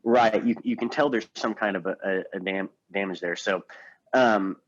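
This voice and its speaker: A man co-hosting a podcast, talking earnestly about a film in a casual, halting way. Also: fairly low pitch, no echo, dull audio. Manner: earnest, many restarts. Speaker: podcast co-host.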